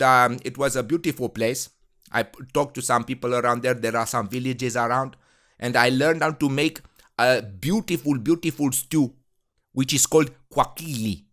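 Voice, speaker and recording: A Romanian podcast host playing a boastful man who talks in an exaggerated put-on Kenyan English accent, rambling earnestly with lots of halting fillers. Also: medium pitch, fairly bright tone, close to an everyday voice. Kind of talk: comedic monologue in character.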